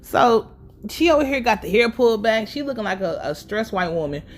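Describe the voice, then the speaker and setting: A woman giving a casual, sassy and profane recap of a TV episode with lively asides. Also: a little high, a little fast. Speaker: show recap host.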